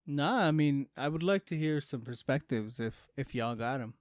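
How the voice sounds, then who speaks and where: A man's voice: mid-range voice, moderate pace, dry recording. A man co-hosting a casual podcast in an easygoing, questioning way. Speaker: podcast co-host. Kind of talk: casual chat.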